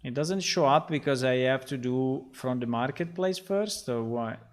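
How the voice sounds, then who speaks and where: Speaking at a moderate pace and medium pitch, a man streams his game development work live. He rambles casually and mutters to himself, and he swears when he gets frustrated.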